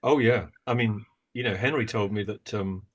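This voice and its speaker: A man who acts and directs appears as a guest on a podcast, his voice sitting on the low side at a moderate pace. In this interview he tells stories thoughtfully and at length, often restarting his sentences in small ways.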